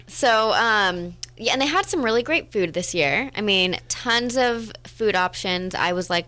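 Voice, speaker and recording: A young woman co-hosting a casual chat, bubbly and quick to laugh, with lots of "like" in her talk. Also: lowish voice, fairly bright tone. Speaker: co-host.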